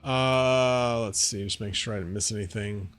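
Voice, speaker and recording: A man's voice: on the low side, normal speed, fairly bright tone. A man hosting a casual livestream from home, rambling and thinking aloud as he answers viewers' chat. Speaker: livestream host.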